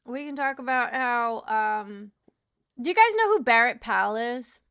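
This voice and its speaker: A woman's voice: fairly high pitch, lively intonation, measured pace, fairly bright tone, smooth, no echo, studio quality. A tired young woman chatting casually to her livestream chat, laughing often and swearing freely.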